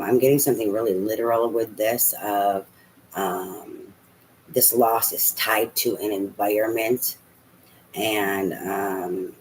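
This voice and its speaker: A man's voice: on the low side, slight background noise, poor audio. A man giving a casual tarot reading, talking aloud to spirit and swearing now and then. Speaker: tarot reader.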